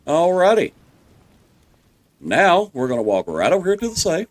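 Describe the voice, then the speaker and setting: A man with a Southern US accent talks viewers through a game as a relaxed guide. His delivery is folksy and reassuring, and his pitch is lively and expressive as he explains each step. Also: moderate pace. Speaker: gameplay guide. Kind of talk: walkthrough commentary over gameplay.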